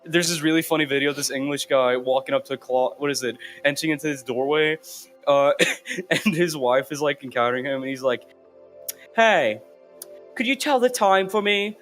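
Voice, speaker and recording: A man's voice: medium pitch, fairly even intonation, a little fast, fairly bright tone, soft background music. A young man hosting a casual podcast over a voice call, rambling through crude, giggly stories with lots of restarts. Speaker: podcast host. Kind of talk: casual chat.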